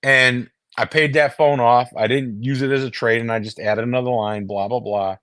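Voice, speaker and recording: A man from the US talks to his viewers over a phone in a rambling, casual chat full of swearing, restarts and repeated words. He speaks at medium pitch in a steady, fairly bright tone and a moderate pace. The recording is dry and clean, like a studio.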